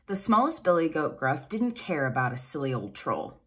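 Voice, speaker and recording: A woman reading a children's fairy tale aloud in an expressive, animated way. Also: low-pitched, normal speed, hardly any pauses, slightly rough. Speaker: storyteller.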